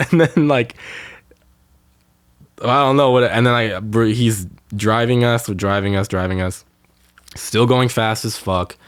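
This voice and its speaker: Low-voiced young man ranting. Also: a little slow, pauses often, clear, resonant tone, no room sound. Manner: ranting, heavy swearing, many fillers. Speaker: podcast co-host. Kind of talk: casual chat. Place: Los Angeles area.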